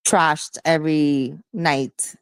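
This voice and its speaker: A woman's voice: low voice, fairly even intonation, extremely slow, smooth, no room sound. A woman chatting casually on a live online call, rambling with fillers and laughing often. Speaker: guest in a live audio chat. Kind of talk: casual chat.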